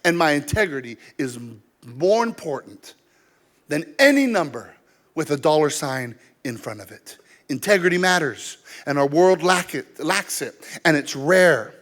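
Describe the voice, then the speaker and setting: A man's voice: fairly high pitch, animated, a little slow, a bit bright. A man preaching a sermon as pastor, telling personal stories and acting out both sides of the conversations. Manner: storytelling, acts out both sides of dialogue.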